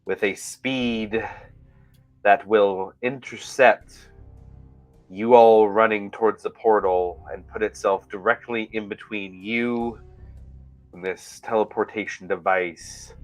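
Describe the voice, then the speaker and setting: A man running a tabletop game as game master, giving steady descriptive narration. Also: fairly low pitch, poor audio.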